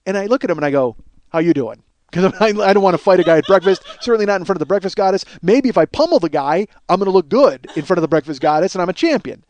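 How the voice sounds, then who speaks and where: A man in his forties hosting a podcast and telling a comic story, profane and self-mocking, and he gets loud and worked up. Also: high-pitched, animated, rapid-fire, few pauses, no room sound. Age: 40s. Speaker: podcast host.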